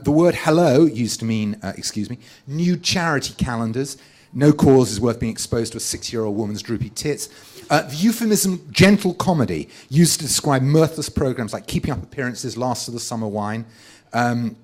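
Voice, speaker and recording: A man at a live comedy event reads out his complaints one after another in a dry, sardonic tone. His voice sits at an ordinary middle pitch, and he delivers the barbs flatly, as if ticking items off a list. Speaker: author reading from his book. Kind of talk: live stand-up reading of a list.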